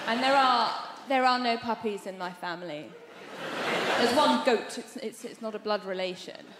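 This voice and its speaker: High-voiced woman comic from Iran. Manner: wry, self-mocking storytelling with quick asides. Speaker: stand-up comedian. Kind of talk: stand-up comedy set. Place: large theatre stage. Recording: long theatre reverb, loud background noise.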